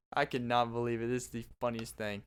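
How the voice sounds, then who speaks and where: Brief: young male podcast host, rambling comedic monologue, smooth clear voice, average pitch. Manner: rambling, restarting, joking.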